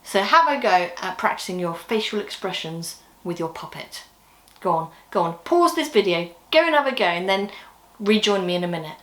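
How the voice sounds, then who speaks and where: A woman's voice: mid-range voice, expressive, moderate pace, a bit bright, echoey room. A woman giving a friendly, chatty puppetry training talk for a children's ministry video. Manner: friendly, encouraging, chatty with laughs.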